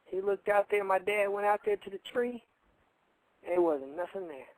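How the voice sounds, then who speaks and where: A man's voice: high-pitched, normal speed, rough recording. A man co-hosting a radio show, telling a story casually in a rambling, colloquial way and repeating his phrases.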